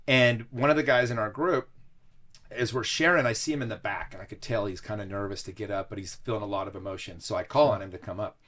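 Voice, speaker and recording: A man's voice: lowish voice, fast talker, slight background noise. A middle-aged man, a podcast guest, telling personal stories in a casual interview and often laughing as he talks. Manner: animated, laughs through stories.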